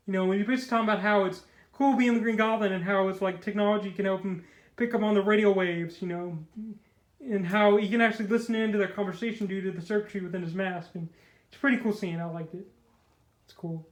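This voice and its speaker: A man's voice: sits high, fairly even intonation, brisk, low-quality recording. A man giving a casual comic book review, rambling and full of fillers as he retells the scenes and paraphrases what the characters say. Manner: rambling, filler-heavy, paraphrases the dialogue loosely.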